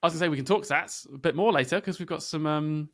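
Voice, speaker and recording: A man's voice: on the high side, quick pace, fairly bright tone. A man co-hosting a podcast, bantering and teasing with a giggly manner. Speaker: podcast co-host. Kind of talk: casual chat.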